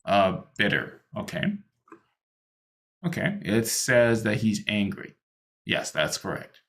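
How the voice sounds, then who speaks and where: Gravelly male English tutor. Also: on the low side, lively intonation, slow pace, fairly bright tone. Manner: patient, explains with many ums and restarts. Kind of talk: online one-to-one English lesson.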